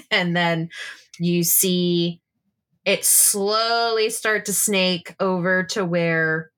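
A woman's voice: low-pitched, a bit bright. A woman playing a tabletop role-play game, describing her character's actions in a rambling, casual way with swearing. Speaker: player.

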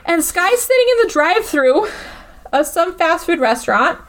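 A woman with a high voice gives a casual, comedic movie recap. Her pitch swings widely as she tells the story. She talks with loose profanity and acts out the characters' lines. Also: moderate pace. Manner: animated and profane, acts out quotes. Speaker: podcast co-host recapping a movie.

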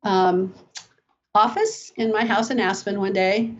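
An older woman, a personal development coach appearing as a podcast guest, tells animated, rambling stories with fillers in conversation. Her mid-range voice is unhurried with fairly even intonation, the highs are cut off, and faint music plays behind.

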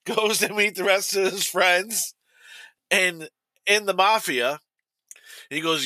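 A man's voice: sits high, measured pace, sharp tone, dry recording, low-quality recording. A middle-aged man chatting casually on a podcast, telling a long story with restarts and laughing at his own tale. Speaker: podcast co-host.

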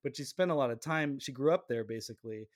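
A man's voice: mid-range voice, fast talker, dry recording, clean studio sound. A man from the United States co-hosting a podcast, talking casually, laughing often and restarting his sentences. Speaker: podcast co-host.

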